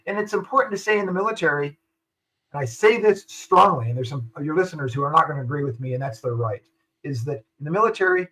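An older man with a fairly high, bright and forceful voice talks as a guest on a radio show. He numbers his points and repeats the key lines for emphasis, with the firm delivery of a retired army officer. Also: animated, fast, low-quality recording. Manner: emphatic, lists points and repeats them for stress. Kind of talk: radio interview.

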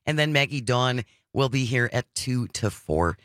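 A man hosting a talk radio show, chatting casually with his co-host and smoothly wrapping up segments. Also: medium pitch, lively intonation, a little slow, fairly bright tone, no echo, studio quality. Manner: easygoing, wraps up segments smoothly.

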